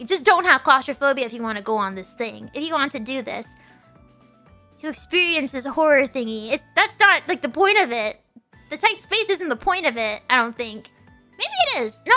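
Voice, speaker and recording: A young woman telling a story casually to her stream, halting and restarting, laughing often. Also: high voice, sharp tone.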